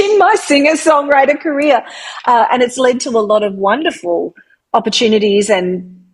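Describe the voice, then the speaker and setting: Breathy Australian woman telling a story. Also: medium pitch. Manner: animated, lively retelling of anecdotes. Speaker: guest, voiceover artist and singer-songwriter. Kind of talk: casual interview storytelling.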